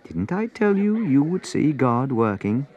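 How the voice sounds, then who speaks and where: A man voicing a calm, gentle grown man in a storybook, speaking in a measured way. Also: mid-range voice, voice pushed up.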